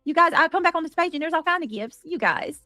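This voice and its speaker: A woman hosting a casual livestream, greeting viewers by name and cheering gifts with excited squeals. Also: very high voice, fast talker, dry recording, soft background music. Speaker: livestream host.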